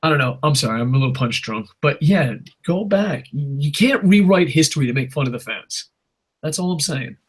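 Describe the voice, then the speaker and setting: A man's voice: on the high side, lively intonation, normal speed, slightly rough. A man hosting a casual podcast, ranting in a rambling, profane way and laughing at his own jokes. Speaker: podcast host. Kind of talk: casual wrestling podcast rant.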